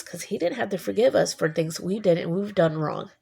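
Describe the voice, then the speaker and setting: A woman speaks casually to her camera in a low, gravelly voice. She rambles and halts, restarting her sentences often. Her tone stays earnest and quietly emotional. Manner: rambling and halting, with many restarts. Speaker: vlogger. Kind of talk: casual personal talk.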